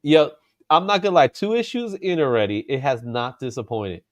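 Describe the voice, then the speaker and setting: A man hosting a casual comic book chat, animated and laughing often, drawing out his exclamations. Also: mid-range voice, normal speed. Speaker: comic book show host.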